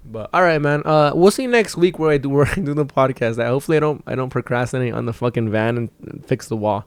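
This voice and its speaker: A young stand-up comic rambles through a story on his own podcast, cursing freely and getting animated when he quotes people. His voice sits at an ordinary pitch for a man. The sound is dry and close. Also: fast, few pauses, smooth, dry recording. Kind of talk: casual storytelling monologue.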